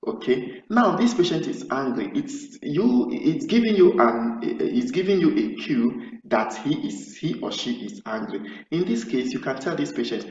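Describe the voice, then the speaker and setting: A man's voice: a little high, big pitch swings, a little slow, few pauses, darkish tone. A man tutoring nurses for an English speaking exam, explaining step by step and often restarting his phrases. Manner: explanatory, acts out sample nurse-patient dialogue. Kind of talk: spoken lesson. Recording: roomy, distant, dull sound.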